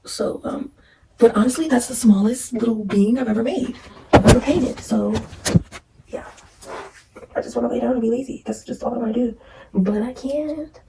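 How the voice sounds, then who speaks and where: A woman's voice: fairly high pitch, fairly quick, creaky, long pauses, roomy sound, noisy background. A tired young woman, vlogging in casual, dramatic, self-mocking chat while painting at home, sometimes dropping to a whisper.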